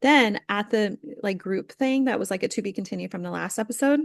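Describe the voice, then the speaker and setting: A young woman gossips her way through reality TV recaps, slipping into quick impressions of the people she talks about. The recording is dry and close, with no room sound, and her voice sits at a middle pitch. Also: vocal fry, no room sound. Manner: chatty, animated, acts out quotes with lots of "like". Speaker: podcast co-host. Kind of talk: casual chat recapping reality TV.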